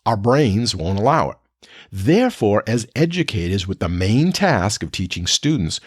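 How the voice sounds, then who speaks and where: Man, educator, lively pitch, mid voice, dry recording. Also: no echo. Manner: animated, pitch jumps when quoting students. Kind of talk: spoken lecture to teachers.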